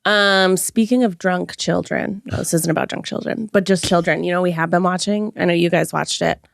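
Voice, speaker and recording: Woman with a gravelly, easygoing chat voice. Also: lowish voice, fairly even intonation, moderate pace, no echo, clean studio sound. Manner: chatty, gasps and laughs easily. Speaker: co-host. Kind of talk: casual podcast chat.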